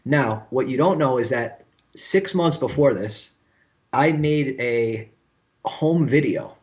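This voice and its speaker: Slow and mid-range, this guest musician from Brooklyn, New York spins animated stories in a relaxed interview, performing the dialogue of everyone he quotes. Sound quality is a bit dull and lo-fi.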